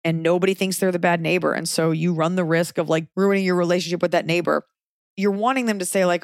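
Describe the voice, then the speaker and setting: A woman's voice: on the low side, quick pace, dry recording. Woman podcast host, casual chat, frank and profane, dry close sound. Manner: frank, profane, animated storytelling.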